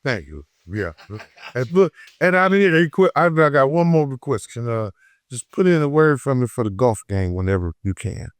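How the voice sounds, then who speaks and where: A man from Detroit with a Detroit accent, telling a story in an unfiltered, profane, heated way, swinging between loud and low. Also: very animated, normal speed, clean tone, no echo. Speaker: guest. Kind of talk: unfiltered casual interview. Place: podcast studio.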